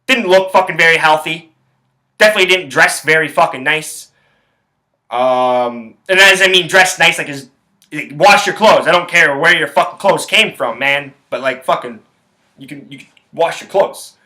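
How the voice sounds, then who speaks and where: A man's voice: a little high, normal speed, bright, forceful tone. A young man, hosting a solo podcast and telling a rambling, blunt story full of profanity. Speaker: podcast host.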